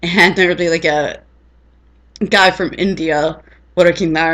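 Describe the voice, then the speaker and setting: A woman's voice: lowish voice, fairly even intonation, a little slow, pauses often, fairly bright tone. A woman rambling in casual chat on her vlog, laughing often. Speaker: vlogger.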